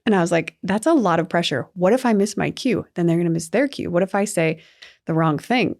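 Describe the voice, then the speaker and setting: A young adult woman co-hosting a sports podcast, telling stories in a chatty, animated way with lots of fillers. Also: lowish voice, quick pace. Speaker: podcast co-host. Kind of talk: casual sports chat.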